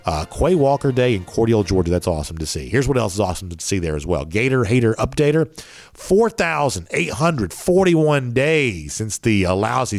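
A man's voice: mid-range voice, dry recording, studio quality. A man hosting a college sports podcast in a casual, rambling way, his voice nasal and worn from allergies. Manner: rambling with many fillers.

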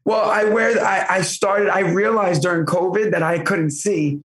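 A man in his thirties with a thick New York accent, a podcast guest rambling through quick stories with a gravelly voice. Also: high-pitched, steady tone, a bit bright, reverberant. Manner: fast, rambling storyteller. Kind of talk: casual chat.

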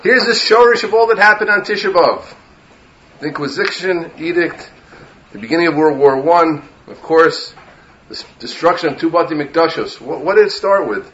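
A man, a rabbi, delivers a Torah lecture in a somewhat high voice, weaving in Hebrew terms and building to emphatic, impassioned peaks. The recording sounds a little dull and lo-fi. A faint hiss runs underneath. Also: fairly bright tone.

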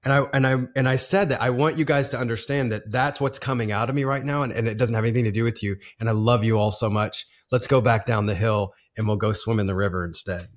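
A man's voice: mid-range voice, fairly even intonation, quick pace, few pauses. A man in his forties, a podcast guest, telling a personal story in a casual, earnest way with frequent laughs and restarts.

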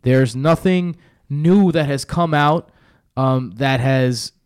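A man's voice: mid-range voice, slow, darkish tone, clear, resonant tone. A man with a New York accent giving blunt, opinionated takes in a casual sports chat. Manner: blunt, opinionated, speaks his mind.

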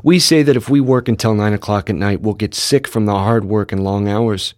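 A man's voice: on the low side, a little fast, darkish tone, smooth, no room sound, clean studio sound, natural voice. A man voicing a worried, hardworking father who blusters and stammers in a storybook reading.

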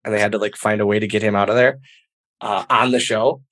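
A man, a professional wrestler, telling stories as an interview guest in a lively, casual way, acting out quoted dialogue and filling in with "like". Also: lowish voice, quick pace. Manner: animated, acts out quoted dialogue, many fillers like "like".

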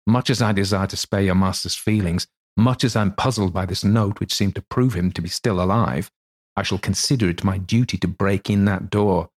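A composed middle-aged lawyer reasoning things out in formal, careful sentences, played by a man reading the book. His voice is low and steady. It is a single-reader audiobook. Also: moderate pace. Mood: resolute.

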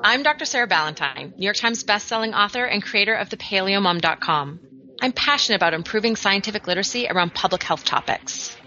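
A woman co-hosting a podcast, chatting casually in a quick, nerdy way and laughing often. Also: mid-range voice, animated, pushed and bright, faint music behind. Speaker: podcast co-host. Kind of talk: casual chat. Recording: slightly dull, lo-fi sound.

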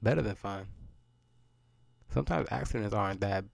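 A man's voice: on the low side, moderate pace, gravelly, no room sound. A man, hosting a solo podcast and ranting in a loose, profane, rambling way, often repeating words as he goes. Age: 30s. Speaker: podcast host.

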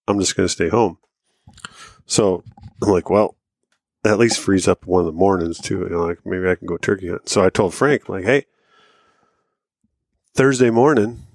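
A man with a lowish voice tells a long, rambling story on a podcast in a loose, casual way. He acts out what everyone said and swears easily. The sound is dry and close, with no room echo. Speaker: podcast co-host.

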